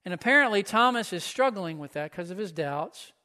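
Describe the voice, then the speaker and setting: A man's voice: sits high, animated, fairly quick, pushed and bright. A man pastor preaching a sermon in a church, conversational and often asking the listeners questions. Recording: echoey hall.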